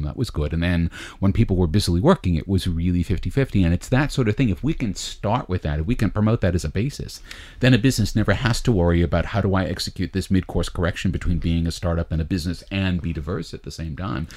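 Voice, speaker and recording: Deep male podcast host, casual chat, animated emphasis. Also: fast talker.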